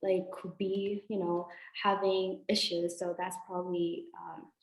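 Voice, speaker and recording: A woman's voice: fairly low pitch, little pitch movement, a little slow, roomy sound, low-quality recording. A young woman student presenter, hesitant and full of fillers as she explains a health point. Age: young adult. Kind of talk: casual presentation.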